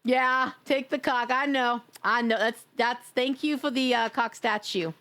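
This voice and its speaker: A woman's voice: a little high, fairly even intonation, a little slow, a bit bright. A woman from New York chatting casually and teasingly with her viewers while live-streaming a game, laughing often.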